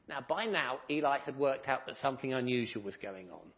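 A man's voice: medium pitch, moderate pace, lo-fi sound. A man giving a children's talk in a church service, telling a story and asking the children questions. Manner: animated storyteller who quizzes children. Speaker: minister.

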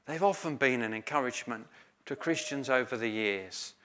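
A man preaching a sermon slowly and emphatically, with some hesitant fillers. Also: medium pitch, expressive, sharp tone.

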